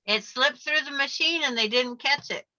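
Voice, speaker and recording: A woman's voice: high-pitched, moderate pace, pushed and bright. An older woman hosting a craft video, chatting casually over a video call and telling stories while she works. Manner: chatty, storytelling, laughs easily. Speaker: craft channel host. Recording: muffled video call audio.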